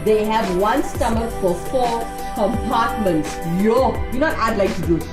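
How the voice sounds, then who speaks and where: A woman's voice: a little high, a little slow, reverberant, over music. A woman hosting a live morning show from a studio, bubbly and giggly with a sing-song delivery. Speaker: host.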